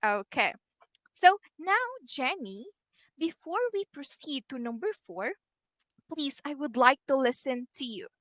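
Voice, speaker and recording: A woman teacher with a Filipino English accent, giving a slow, encouraging online phonics lesson to a child and modelling each sound for her. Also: sits high, expressive, a bit bright, no echo, low-quality recording.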